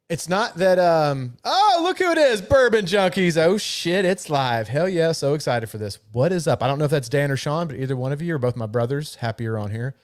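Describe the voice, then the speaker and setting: A middle-aged man co-hosting a live podcast in casual, talkative chat, swearing freely and laughing easily. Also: mid-range voice. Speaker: podcast co-host.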